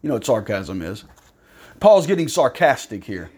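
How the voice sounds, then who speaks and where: A man's voice: mid-range voice, sing-song, moderate pace, darkish tone, slightly rough. A man preaching a sermon, firing rhetorical questions and slipping into sarcastic mock praise.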